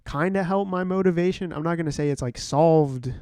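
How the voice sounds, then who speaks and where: A man's voice: a little high, a little fast, darkish tone, clear, resonant tone, no room sound, clean studio sound. A young man co-hosting a podcast, talking in a laid-back, rambling way with lots of filler words. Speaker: podcast co-host. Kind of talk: casual chat.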